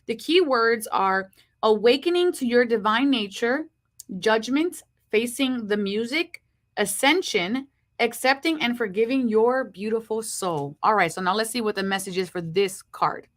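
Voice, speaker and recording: A woman hosting a live horoscope stream, talking with a slight lisp from braces and greeting viewers by name. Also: fairly high pitch. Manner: slow hushed reading of card messages. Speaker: host.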